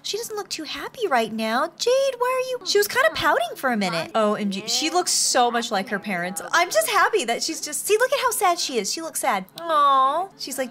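A young woman narrating a life-sim game in a high, bubbly voice. Her pitch leaps all over as she gasps and exclaims. Casual, chatty game commentary. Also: very animated, fairly quick, hardly any pauses, fairly bright tone.

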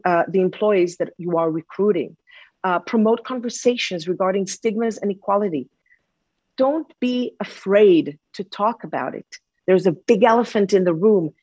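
A woman's voice: medium pitch, normal speed, darkish tone, husky, no room sound, lo-fi sound. Woman presenter, earnest, lots of ums, dry close mic. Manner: earnest, with frequent fillers and restarts. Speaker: conference speaker on inclusive employment. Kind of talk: presentation talk.

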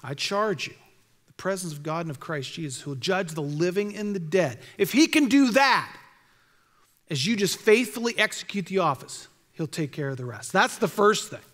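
A man's voice: high-pitched, lively intonation, moderate pace, fairly bright tone. A male pastor preaching a sermon in a church, earnest and exhorting, repeating his key phrases. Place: church sanctuary. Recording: reverberant church hall.

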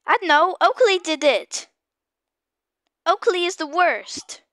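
A woman with a high, bright voice talks through a game with excitable, panicky commentary and keeps repeating her exclamations. Her delivery is very slow and drawn out, and the recording sounds dry and close. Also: dry recording. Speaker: gamer.

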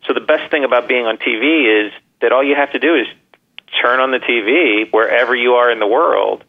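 An actor calling in as an interview guest, earnest and warm in word, often restarting his sentences. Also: medium pitch, fairly quick. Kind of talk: casual phone interview. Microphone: telephone. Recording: tinny phone line.

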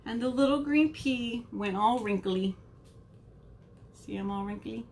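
A woman children's librarian reading a picture book aloud at home for a virtual storytime, with an animated, sing-song way of talking to kids. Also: on the high side, a little slow, long pauses, slight background noise.

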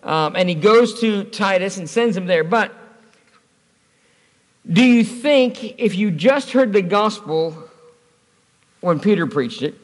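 A man's voice: high voice, expressive, slow, pauses often. A man preaching an evening sermon as pastor, conversational and storytelling, asking the congregation rhetorical questions. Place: church. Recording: church hall reverb.

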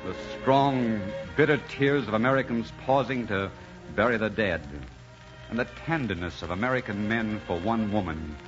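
An actor playing an earnest young male composer in an old radio drama, shy and halting at first and then full of passion. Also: lowish voice, close to an everyday voice. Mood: determined. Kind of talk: 1940s radio acting. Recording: muffled old radio broadcast with music.

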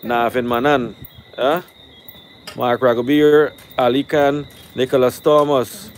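Broadcasting live from a rooftop cookout, a man brashly and animatedly runs through shout-outs and rants against his critics. He talks slowly in a mid-range voice, and a faint hiss or hum can be heard.

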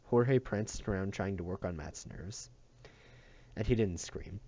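A man reading a novel aloud in a steady, even narration. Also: low voice, muffled recording. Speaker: audiobook reader.

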